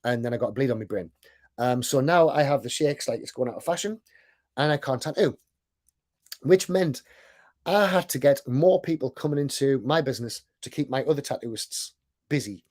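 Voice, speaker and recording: A man's voice: mid-range voice, normal speed, darkish tone. A man with a thick accent gives a casual sales presentation, chatty and self-deprecating, often checking in with "right?". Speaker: online sales coach and business owner.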